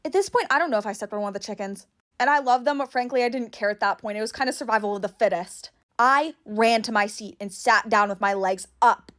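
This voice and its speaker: A young woman telling funny stories in a casual storytime style, with animated, exaggerated reactions. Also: medium pitch.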